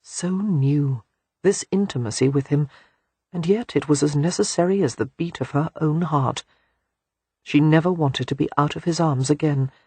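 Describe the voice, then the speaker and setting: A man narrating a romance audiobook in an expressive storytelling manner. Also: fairly high pitch, normal speed, slightly rough, dry recording.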